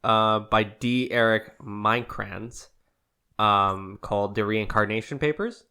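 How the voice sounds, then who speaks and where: A man hosting a podcast in casual chat, easygoing and quick to laugh, reading out news items with many fillers. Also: fairly low pitch, bright, forceful tone, smooth. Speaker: podcast host.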